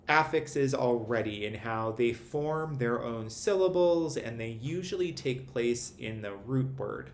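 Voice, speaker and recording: A man giving a recorded lesson, explaining things in a measured, methodical way. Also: medium pitch. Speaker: literacy instructor. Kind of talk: recorded lecture. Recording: roomy echo, faint ambient noise.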